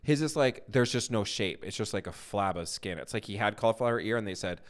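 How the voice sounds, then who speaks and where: A man co-hosting a podcast, chatting casually and excitedly about TV shows and acting out funny quotes. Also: fairly quick. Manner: animated, gushing, acts out quotes in high voices. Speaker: podcast co-host. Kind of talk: casual pop culture chat.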